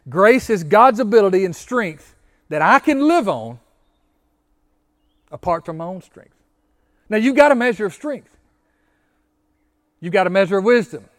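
High-voiced pastor preaching. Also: male voice, expressive, a little slow, pauses often. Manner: asks the congregation questions and repeats phrases; stammers on restarts. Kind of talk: interactive sermon.

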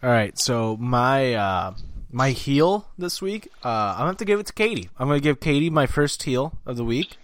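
A man's voice: medium pitch, moderate pace, hardly any pauses. A man co-hosting a casual podcast, telling stories in a crude, joking way. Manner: crude, joking, animated storyteller. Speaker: podcast co-host. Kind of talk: casual storytelling chat.

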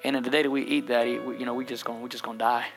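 A man's voice: medium pitch, level tone, music in the background, pitched below the performer's own voice, lightly acted. A man voicing a naive, hesitant young woman who falters as she speaks. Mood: unsure. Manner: halting, faltering.

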